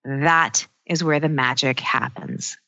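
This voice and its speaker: A middle-aged woman coach speaking in an earnest, personal, reflective way, slowing down to stress her key points. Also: very deep voice, gravelly, sharp tone, dry recording, lo-fi sound. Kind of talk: reflective self-help talk.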